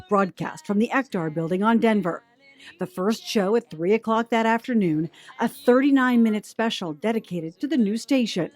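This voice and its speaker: A woman news anchor giving measured, polished documentary narration. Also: mid-range voice, a little mellow.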